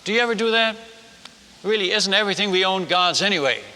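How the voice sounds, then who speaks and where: An older man from the Netherlands, a missionary telling a humorous sermon story, animated and acting out the people in it. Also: high voice, fast talker. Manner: animated, acts out villagers and his wife in quotes. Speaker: missionary speaker. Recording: long hall reverb.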